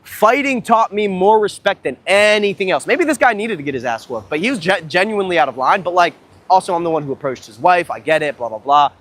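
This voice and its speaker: A young man livestreaming a casual vlog outdoors at a beach, talking into a handheld phone while walking, telling rambling stories in a profane, excitable way. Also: high voice, fairly quick. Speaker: dating coach livestreamer.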